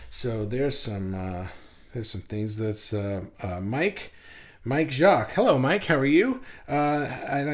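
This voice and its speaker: A man hosting a live online session, talking loosely with many fillers and restarts as he reads viewer comments aloud. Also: a little high. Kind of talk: casual livestream talk, reading comments aloud.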